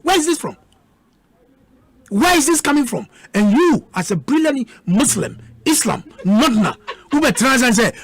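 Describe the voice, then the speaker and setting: A man's voice: extremely high pitch, big pitch swings, moderate pace, dry recording. A man with a Ghanaian accent, arguing heatedly as a guest in a radio debate, combative and repeating words for emphasis.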